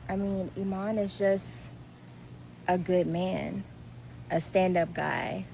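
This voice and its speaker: A woman's voice: lowish voice, fairly even intonation, slow pace, gravelly, dark tone, a little hiss or hum, low-quality recording. An actress playing a confident woman in a comedy skit, dismissive and self-assured toward her ex.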